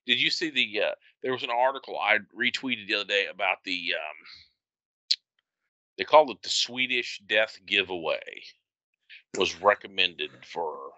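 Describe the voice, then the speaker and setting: A man's voice: on the low side, lively intonation, moderate pace, bright, forceful tone, no echo, highs cut off. A man co-hosting a podcast, chatting casually and telling wry, joking stories. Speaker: podcast co-host. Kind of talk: casual chat.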